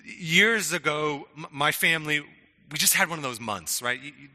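A man's voice: a little high, lively intonation, moderate pace, pushed and bright, long reverb tail. A middle-aged man preaching a sermon in a conversational way, often stammering on restarts and checking in with "right?". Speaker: pastor.

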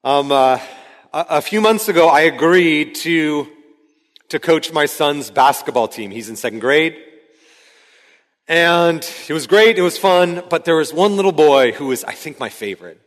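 A man's voice: on the high side, expressive, measured pace. Pastor man preaching in a reverberant hall. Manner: conversational, rising to shouts when acting out yelling. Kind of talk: sermon. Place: church sanctuary. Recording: hall reverb from a large room.

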